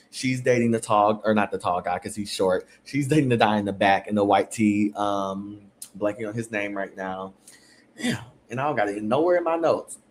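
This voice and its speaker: Man, lowish voice, casual, rambling, filler-heavy, faint background noise. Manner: chatty, rambling, full of fillers. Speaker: podcast host. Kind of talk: casual reality TV recap.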